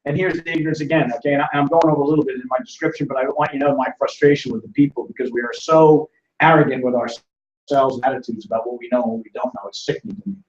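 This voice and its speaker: A man's voice: medium pitch, fairly even intonation, rapid-fire. A man hosting a live financial seminar, telling stories with acted-out voices and calling on audience members by name. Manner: acts out quoted voices in storytelling. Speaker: seminar host. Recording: roomy, distant, dull lo-fi.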